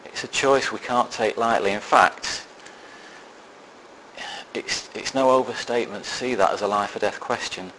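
A man's voice: on the low side, normal speed, pauses often, pushed and bright, slight background noise, rough recording. A man preaching a sermon, telling a personal story with self-deprecating, dry humour before turning to a serious point. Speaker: lay preacher.

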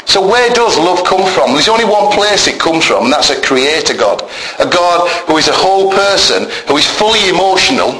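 A male preacher delivers a sermon in a fairly high, bright, forceful voice with big pitch swings, moderate pace, and few pauses. He's emphatic and conversational, constantly questioning the congregation. The recording is roomy and echoey, with faint church ambience and slight background noise.

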